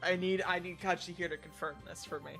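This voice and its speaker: Bright high-voiced young man, stammering. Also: fairly even intonation, fast, faint music behind. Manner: rambling, stammering, crude, mock-outraged outbursts. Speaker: streamer. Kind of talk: casual stream chat, reviewing viewer picks.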